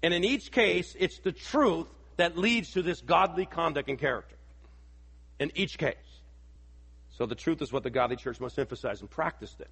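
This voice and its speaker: A man's voice: on the high side, gravelly, a bit bright, slightly rough, long reverb tail. A man preaching a sermon, with emphatic repetition and rhetorical questions to his congregation. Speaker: pastor.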